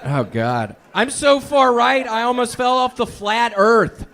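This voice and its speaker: A man doing deadpan, absurd stand-up on a comedy club stage, then bantering on a handheld mic. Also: extremely high pitch, a little slow, a faint crowd. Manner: deadpan, absurd one-liners.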